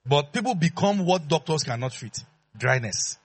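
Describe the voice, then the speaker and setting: Animated high-voiced husky preacher. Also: male voice, normal speed. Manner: animated and playful, acts out dialogue, calls out to the congregation. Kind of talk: sermon.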